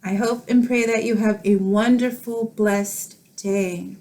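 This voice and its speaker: A middle-aged woman speaking to camera in a tender, emotional personal vlog, laughing softly through tears as she talks. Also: mid-range voice, fairly even intonation, unhurried. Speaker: vlogger.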